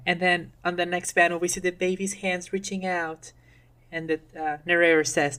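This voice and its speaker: Low-voiced woman retelling a comic scene. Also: moderate pace, a bit bright. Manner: chatty, acts out characters' lines while telling. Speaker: podcast guest. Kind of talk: casual chat, recapping a comic.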